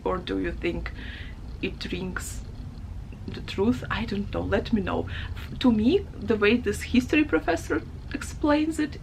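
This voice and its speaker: A woman's voice: a little high, a little hiss or hum. A woman book vlogger chatting casually to camera, emotional and talkative, often laughing and restarting her sentences.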